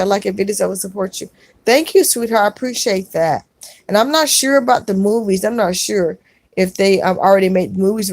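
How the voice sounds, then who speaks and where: A woman's voice: mid-range voice, darkish tone, dry recording. A middle-aged woman hosting a casual livestream, reading viewer comments aloud and answering with earnest comfort, often saying "y'all.".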